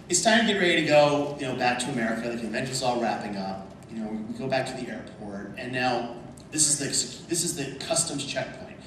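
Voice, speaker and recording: A man telling lively anecdotes to a convention panel audience, often laughing. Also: medium pitch. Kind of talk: storytelling at a panel. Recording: echoey hall from far off, background noise.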